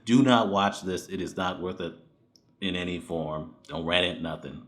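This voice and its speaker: A man's voice: deep voice, fairly even intonation, normal speed. A man giving a casual spoken movie review, blunt and profane, ranting in exasperation with frequent laughs.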